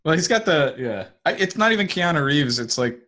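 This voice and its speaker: A man's voice: a little high, very animated, fairly quick, pushed and bright. Rambling man co-hosting a podcast. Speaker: podcast co-host. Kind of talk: casual podcast chat.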